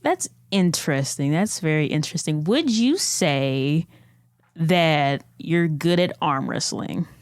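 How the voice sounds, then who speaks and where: Woman, tabletop role-player, playful, slow drawn-out delivery, squeaky high character lines. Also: lively intonation, no room sound, studio quality.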